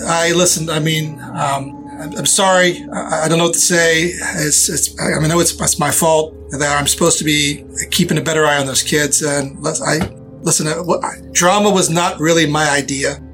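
A man's voice: on the high side, fairly even intonation, moderate pace, fairly bright tone, faint music behind, lightly acted, rough recording. A man voicing an easygoing, heavyset man in his forties who stammers and hedges apologetically. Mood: apologetic.

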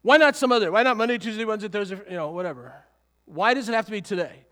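A man's voice: sits high, animated, very fast, sharp tone, long reverb tail. A male pastor preaching a sermon in a conversational way, full of rhetorical questions and chuckling asides.

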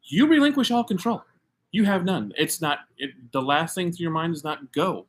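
A man's voice: a little high, lively intonation, moderate pace. A middle-aged American man and podcast co-host, telling a story in casual chat with emphatic, self-mocking energy.

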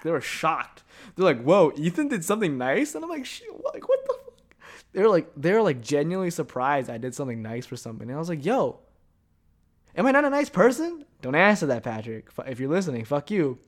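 A young man hosting a solo podcast, telling stories in a rambling, profane, joking way. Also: medium pitch. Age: young adult. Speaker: podcast host. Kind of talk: casual solo podcast monologue.

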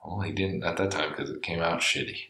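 Deep, bright-toned teasing young man. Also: brisk. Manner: blunt, teasing. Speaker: podcast co-host. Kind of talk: casual podcast banter. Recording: echoey room.

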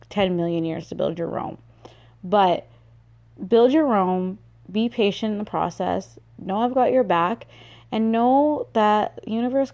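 A woman's voice: mid-range voice, warm tone. A woman hosting a solo motivational podcast, chatty and upbeat with lots of filler words. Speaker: podcast host.

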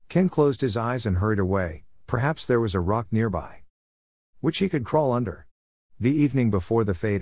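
Male storyteller, low voice, dry close read. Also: a little mellow, dry recording. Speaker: narrator. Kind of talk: storytelling reading.

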